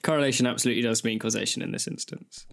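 A man's voice: mid-range voice, rapid-fire, gravelly, crowd noise. A man co-hosting a podcast, reading listener emails aloud in a dry, mock-grave way. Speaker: podcast co-host.

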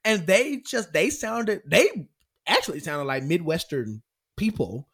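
Animated young man telling stories. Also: fairly high pitch, measured pace, gravelly, husky. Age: young adult. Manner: animated storytelling with laughs. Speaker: podcast co-host. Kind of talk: casual chat.

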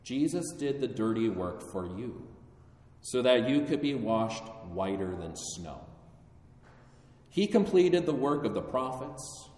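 A man delivers a sermon at an unhurried pace, solemn and measured, pressing harder on key phrases. His voice rings through a long-echoing church sanctuary. He stands back from a distant microphone, with a faint room hum behind him. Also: mid-range voice, darkish tone. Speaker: preacher. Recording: echoey hall, voice from afar.

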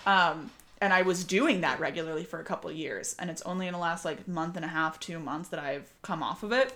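A woman's voice: fairly low pitch, fairly quick, a bit bright, a little hiss or hum. A young woman co-hosting a podcast, talking candidly in casual chat with lots of fillers and easy laughs. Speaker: podcast co-host.

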